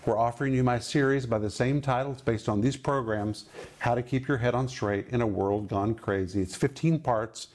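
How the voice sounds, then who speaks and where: A man teaching from the Bible in an emphatic, deliberate way. His voice sits at an ordinary middle pitch. He stresses key words as he explains the meaning of Greek terms. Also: darkish tone.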